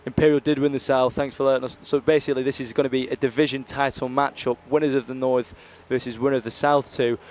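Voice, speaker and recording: Man, young adult, hockey stream commentator, headset mic, chatty, jokey, average pitch. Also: flat delivery, quick pace, few pauses, a little mellow, slight background noise. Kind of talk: live ice hockey commentary.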